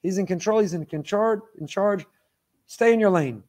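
A man with a notably high voice delivers a weekly faith lecture. He speaks with fervor and hammers his points home by repeating phrases and firing off rhetorical questions. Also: moderate pace, a little mellow. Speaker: Torah teacher.

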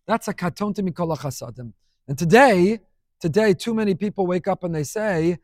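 Male Torah teacher, high voice, emphatic and repetitive, dry close sound. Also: fast, darkish tone, dry recording. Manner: emphatic, repeats key phrases, mixes in Hebrew terms. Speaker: rabbi teaching a Torah class. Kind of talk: Torah lecture.

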